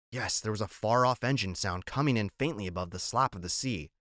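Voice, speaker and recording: A man narrating an audiobook in a measured, even storytelling voice, recorded close on a studio mic. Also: on the low side, no echo.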